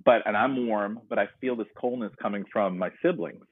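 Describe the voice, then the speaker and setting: A North Carolina man with a lowish, husky voice talks briskly as a podcast guest, sharing his personal story earnestly and reflectively while retelling scenes. The recording is dry and narrow, like a phone line, with no room sound.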